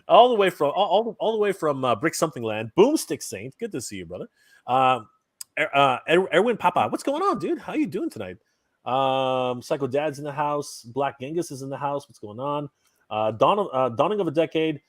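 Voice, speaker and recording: A Canadian man hosting a live stream in casual chat, reading out viewer comments and giving upbeat shout-outs. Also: a little high, sing-song, brisk, no echo.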